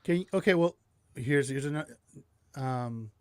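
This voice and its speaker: A man's voice: medium pitch, normal speed, a little mellow, no echo. A man co-hosting a call-in radio show, jumping in with follow-up questions. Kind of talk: casual call-in show chat.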